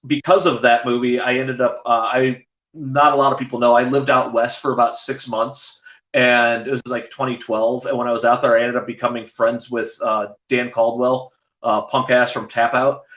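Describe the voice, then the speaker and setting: A man's voice: medium pitch, flat delivery, moderate pace, fairly bright tone, roomy sound, lo-fi sound. A man, a podcast guest, rambling through casual stories with many fillers and restarts. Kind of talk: casual storytelling chat.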